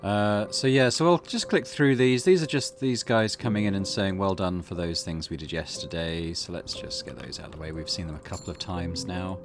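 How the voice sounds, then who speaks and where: A man hosting a let's play at home, thinking aloud in a relaxed way with many fillers. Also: fairly low pitch, a little fast, hardly any pauses. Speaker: gaming channel host. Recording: game music behind.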